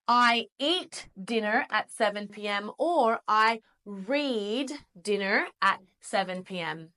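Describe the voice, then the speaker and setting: An Australian woman leads a beginner English lesson, sounding out vowels and words one at a time. Her delivery is very unhurried and her tone is bright and crisp. She keeps encouraging her learners as they go. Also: a little high. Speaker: English teacher. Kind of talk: slow, clearly enunciated English lesson.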